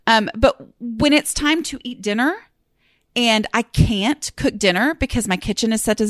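A woman's voice: medium pitch, no room sound. Candid woman podcasting, dry sound. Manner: chatty, candid and self-deprecating, with sighs. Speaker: podcast host. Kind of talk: casual solo podcast talk.

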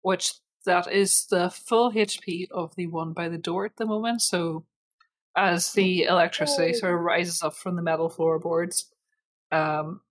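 A woman narrating as game master of a tabletop role-playing game, relaxed and giggly with many fillers. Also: lowish voice, a little slow.

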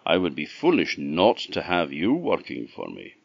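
Storybook king, big swoopy voice, gravelly, scottish guy doing it, muffled audio. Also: rumbling low, huge pitch swings, moderate pace, no room sound, heavily acted. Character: curious, demanding storybook king.

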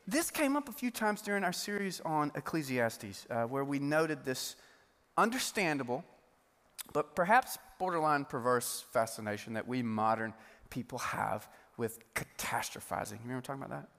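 A male pastor delivering a sermon in a humorous, conversational and animated way. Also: mid-range voice, normal speed, vocal fry. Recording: long hall reverb.

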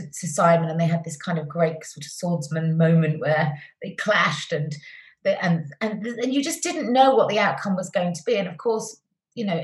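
A middle-aged woman, a TV presenter as interview guest, telling stories warmly and effusively with many restarts. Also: on the low side. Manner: warm, effusive storytelling with restarts. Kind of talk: conversational interview. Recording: roomy echoey sound.

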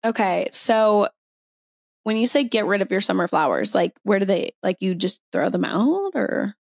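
A woman's voice: medium pitch, big pitch swings, moderate pace, no echo. A young woman co-hosting a podcast in casual chat, talking chattily with lots of fillers and giggles. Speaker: podcast co-host.

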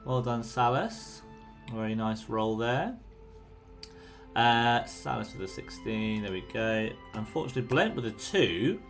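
A man leads a tabletop game as game master, describing each blow at an unhurried pace and cheering his players on. His voice sits at an ordinary middle pitch, and soft music plays faintly underneath. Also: lively intonation.

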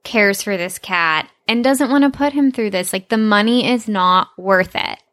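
A woman's voice: mid-range voice, normal speed, fairly bright tone, no room sound, studio quality. A woman co-hosting a podcast, chatting playfully about a cartoon episode and laughing easily. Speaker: podcast co-host.

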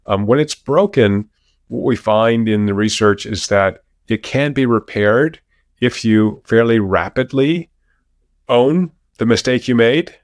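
A man as an interview guest, talking over a video call, lively and animated as he tells stories from his research. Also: medium pitch, unhurried, dry recording, studio quality. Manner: animated storyteller, lively when telling anecdotes. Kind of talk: interview conversation. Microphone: remote video call.

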